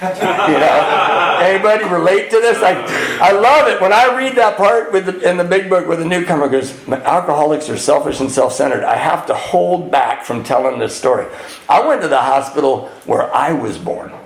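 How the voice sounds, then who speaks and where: A middle-aged man from California speaking at a retreat, telling his recovery story to an audience with self-mocking humor and sudden jumps into high voices for the comic parts. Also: moderate pace. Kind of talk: storytelling talk to a live audience. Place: retreat hall. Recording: echoey room.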